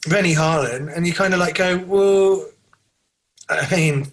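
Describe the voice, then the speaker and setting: Rambling man, fairly high voice. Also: a little fast, a bit bright, poor audio. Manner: rambling, trivia-heavy, many fillers and restarts. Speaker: podcast co-host. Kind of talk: casual film chat.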